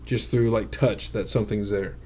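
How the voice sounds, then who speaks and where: A man's voice: lowish voice, fairly even intonation, moderate pace, dark tone. Podcast dude going on and on, swearing, laughs at his own stuff. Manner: rambling, profane, laughs at own jokes. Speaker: podcast co-host. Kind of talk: casual chat.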